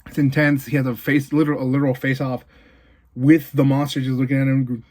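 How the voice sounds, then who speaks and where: A man giving a casual movie review, retelling the plot in an animated way with lots of fillers and quick asides. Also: mid-range voice, slight background noise.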